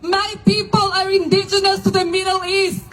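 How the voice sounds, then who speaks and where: Fiery high-voiced woman orator. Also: level tone, moderate pace, crowd noise, rough recording. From Argentina. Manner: fiery, declamatory, with repeated rhetorical refrains. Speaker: religious leader speaking at a rally. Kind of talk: impassioned protest speech.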